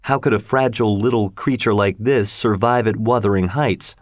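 Measured man reading a story. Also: fairly low pitch, dry recording, studio quality. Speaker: narrator. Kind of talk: storybook narration.

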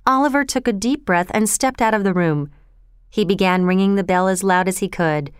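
Clear, dry-voiced woman reading a story. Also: medium pitch, moderate pace, no room sound. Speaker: narrator. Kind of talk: storybook narration.

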